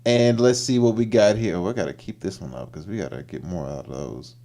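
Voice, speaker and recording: A man's voice: low-pitched, a little fast. A man hosting a livestream, chatting casually as he reacts to videos. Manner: animated, voices the people on screen in put-on lines.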